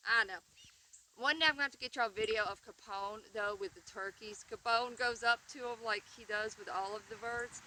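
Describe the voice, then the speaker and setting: A chatty woman talks casually to camera while out by her chickens, rambling along with fillers and restarts. Her voice is bright and sits back from the mic, with faint outdoor ambience and animals behind. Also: a little high, normal speed, distant mic, a little hiss or hum. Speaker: backyard chicken keeper vlogger.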